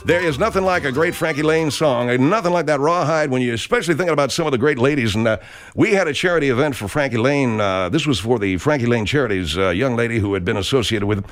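A man's voice: mid-range voice, animated, fast, soft background music. Folksy Arkansas man telling a rambling comic tale. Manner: folksy, rambling, full of filler words. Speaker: country show host. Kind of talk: comedic rambling monologue.

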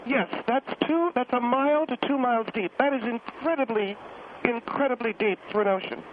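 A man's voice: extremely high pitch, moderate pace, background noise, pitched above the performer's own voice. A man playing a touchy woman caller on a tinny phone line. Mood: prickly. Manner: indignant, defensive, muddled with numbers. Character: prickly, touchy middle-aged woman caller.

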